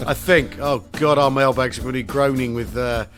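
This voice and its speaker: A man's voice: mid-range voice, fairly even intonation, a bit bright, faint music behind. Jokey, theatrical male podcast host. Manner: jokey, theatrical, quick asides. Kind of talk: comic podcast banter.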